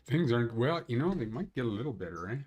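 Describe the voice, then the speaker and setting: Man hosting a casual ski livestream; rambles, cracks jokes, ordinary mid-pitched voice. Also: big pitch swings, fast talker, a little mellow, slightly rough. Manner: rambling, joking, thinks aloud. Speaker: host of a backcountry ski conditions livestream.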